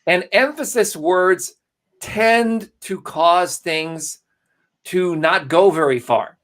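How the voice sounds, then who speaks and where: A man with a high voice speaks slowly while co-hosting a live marketing broadcast. He keeps things casual, animated and salesy, greeting viewers by name in this live-stream presentation.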